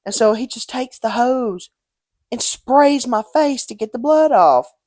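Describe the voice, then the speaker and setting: A woman's voice: fairly high pitch, measured pace, no room sound. Woman co-host, casual storytelling, salty language, dry mic. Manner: animated storytelling, swears freely, acts out quotes. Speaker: podcast co-host. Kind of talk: casual chat.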